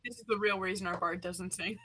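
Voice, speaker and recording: A woman's voice: mid-range voice, steady tone, quick pace, heavy background noise. A woman playing a tabletop game, playful and teasing. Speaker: player. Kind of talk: casual tabletop play.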